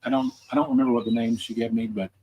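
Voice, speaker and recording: A man's voice: medium pitch, fairly even intonation, racing, breathy edge, highs cut off. A man hosting a podcast in a casual, rambling monologue, chatty and often correcting himself. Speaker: podcast host.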